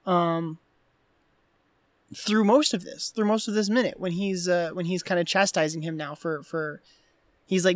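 A woman co-hosting a casual movie podcast, talking through scenes and acting out the lines in animated voices. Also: fairly low pitch, measured pace, long pauses, dry recording. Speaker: podcast co-host.

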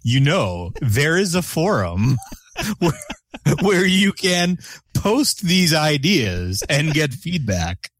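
Male co-host, lively pitch, unhurried, deadpan jokes. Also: no room sound, studio quality. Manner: wry, joking asides. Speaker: podcast co-host. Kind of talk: casual live show chat.

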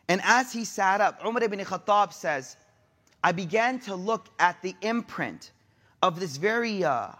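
A man with a noticeably high voice delivers a sermon. He retells a story in a casual, chatty way, dropping in everyday asides, and slips easily into Arabic honorifics and quotations. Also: a bit bright. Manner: mixes in Arabic honorifics and quotes. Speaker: preacher.

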